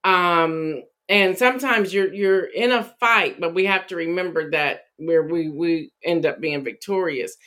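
A woman in an interview, reflectively talking about her faith with frequent pauses and ums. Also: fairly low pitch, fairly bright tone. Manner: reflective, hesitant with many ums. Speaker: interview guest. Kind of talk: casual faith testimony interview.

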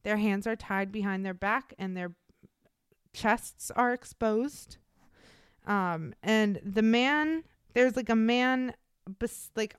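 A woman's voice: medium pitch, smooth, no room sound, clean studio sound. A young woman co-hosting a podcast, telling a true-crime story in casual, blunt, profane talk full of fillers. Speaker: podcast co-host.

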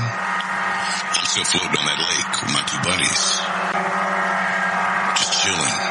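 A man with a fairly low voice recounts his own story as a podcast host, blunt and profane. He is candid and openly emotional as he talks. A noticeable wash of background noise runs beneath him. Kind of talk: personal storytelling monologue.

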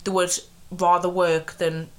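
A woman's voice: lowish voice, level tone, a little slow. A woman co-hosting a podcast, chatting casually, swearing and laughing as she tells stories. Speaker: podcast co-host. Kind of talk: casual chat.

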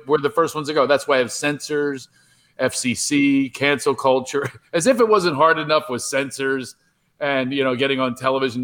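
A middle-aged comedian talking on a podcast interview by remote call, rambling and animated, with many restarts. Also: male voice, medium pitch. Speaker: comedian guest.

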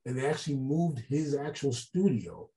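A man telling a long story as an interview guest, animated and acting out the voices of people he quotes. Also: mid-range voice, moderate pace, poor audio. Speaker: guest artist. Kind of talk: casual storytelling.

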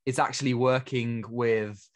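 A man's voice: mid-range voice, fairly even intonation, a little slow. A man co-hosting a film podcast, giving opinions in a casual, conversational way. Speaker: podcast co-host. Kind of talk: casual chat.

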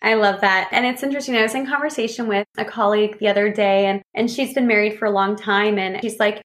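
A woman in casual conversation, telling lively stories and acting out what people said. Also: medium pitch, quick pace, few pauses. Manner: animated storyteller, acts out quotes. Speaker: podcast guest. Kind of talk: casual chat.

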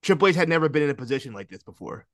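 A man co-hosting a podcast in casual chat, talking excitedly, laughing and swearing. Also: fairly high pitch, rapid-fire, no room sound, studio quality. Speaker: podcast co-host.

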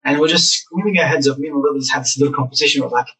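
A young man telling lively stories about his childhood as a guest in a casual interview. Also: medium pitch, very fast, recorded from a distance, poor audio. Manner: animated, acts out childhood memories.

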